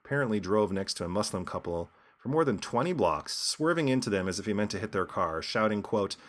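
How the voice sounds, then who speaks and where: A man's voice: on the low side, animated, fairly quick. A man hosting a podcast with scripted commentary and a sardonic, lecturing manner. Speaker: podcast host.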